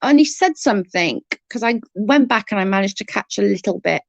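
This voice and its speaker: A woman hosting a casual live stream, chatting with viewers and reading their messages, blunt and quick to swear when annoyed. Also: mid-range voice, lively intonation, gravelly, no room sound, lo-fi sound. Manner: chatty, reads and answers chat messages. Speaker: livestream host.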